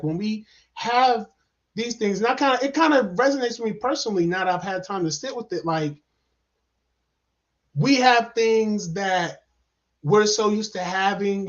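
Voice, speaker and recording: A man giving a casual, rambling movie review, excitable and full of fillers and repeated words. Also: high-pitched. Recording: dull lo-fi sound.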